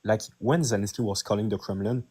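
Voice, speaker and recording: A man's voice: lowish voice, fairly quick, a little mellow, slightly rough. A man from Quebec with a French Canadian accent, pressing questions in a political debate. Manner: persistent questioning. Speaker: debate participant.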